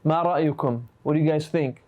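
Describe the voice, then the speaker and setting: A man teaches a live online class, asking question after question and gently correcting answers. His voice sits a little high for a man, and the sound is muffled and lo-fi, like call audio. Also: very fast. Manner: patient, questioning, switches between English and Arabic terms. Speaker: Arabic teacher.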